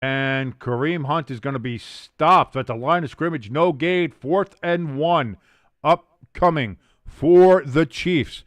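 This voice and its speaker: A young man calling the action for a live watch-along stream, his voice sitting a touch higher than most men's. The sound is close and dry with no room around it. He slips into loose asides with his viewers, then shoots up with excitement on the big plays. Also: slow pace, no room sound. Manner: chatty asides, reading out viewer comments. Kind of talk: casual play-by-play commentary.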